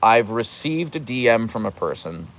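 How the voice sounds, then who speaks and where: Guy chatting on a live stream outside in light rain, super animated, voice bouncing all over, normal pitch. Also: normal speed. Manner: chatty and animated, acting out his dogs in funny voices. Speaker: host answering live chat. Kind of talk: casual live-stream chat.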